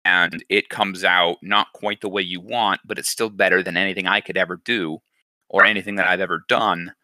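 A man's voice: low voice, steady tone, normal speed, pushed and bright, dry recording. A man hosting a casual chat, talking in a reflective, encouraging way. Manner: reflective, encouraging, thinks aloud.

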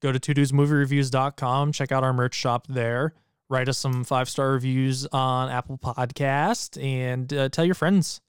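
A man co-hosting a movie podcast, talking in a relaxed, joking way and tossing in the odd swear. His voice is smooth and resonant at a middle pitch. The recording is dry and close. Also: moderate pace, dry recording. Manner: laid-back, joking, swears casually. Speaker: podcast co-host. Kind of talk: casual chat.

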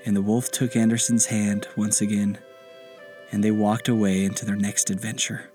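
A man narrating a children's bedtime story in a gentle, unhurried way. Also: fairly low pitch, little pitch movement, faint music behind.

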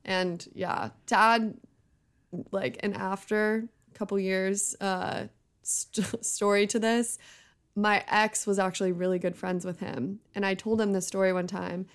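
A woman's voice: mid-range voice, fairly even intonation, a little slow, clean tone. Sheepish young woman recounting a story. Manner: sheepish, self-deprecating storytelling. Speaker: podcast co-host. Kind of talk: casual chat.

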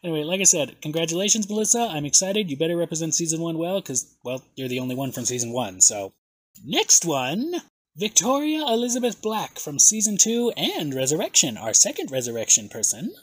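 A man hosting a casual podcast, excitable and swearing now and then as he reads contestant bios aloud. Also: on the high side, fairly quick, slightly rough, no echo. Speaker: podcast host.

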